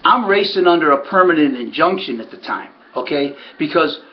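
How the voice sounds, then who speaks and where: A man's voice: on the high side, expressive, brisk. A man, a former harness racing trainer, telling a story and acting out other people's lines. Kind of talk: storytelling monologue. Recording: muffled lo-fi recording.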